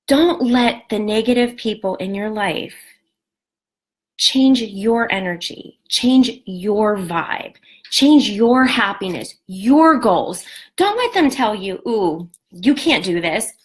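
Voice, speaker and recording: A woman's voice: medium pitch, lively intonation, takes it slowly. A woman in her forties, a beauty product distributor, giving a candid motivational talk to her sales team, blunt and swearing freely. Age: 40s.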